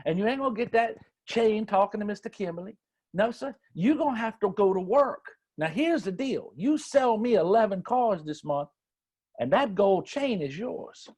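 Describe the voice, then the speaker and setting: A man voicing an older Texan car-dealership boss who drawls slowly and teases his young salesman. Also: sits high, animated, a little mellow. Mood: stern. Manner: slow, drawling, teasing.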